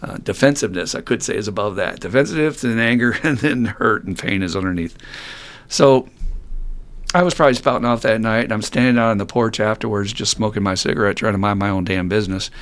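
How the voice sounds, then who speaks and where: A man's voice: on the low side, fast, fairly bright tone. A man hosting a recovery podcast who tells a candid personal story in a blunt, self-mocking way, swearing freely and laughing often. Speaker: podcast host.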